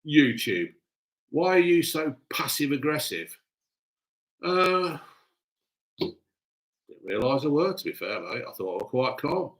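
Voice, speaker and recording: A man's voice: on the high side, big pitch swings, unhurried, pauses often, rough recording. Blunt, swearing man. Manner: blunt, gruff, cheerfully crude. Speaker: livestream host reading chat. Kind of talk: casual live chat, heavy swearing.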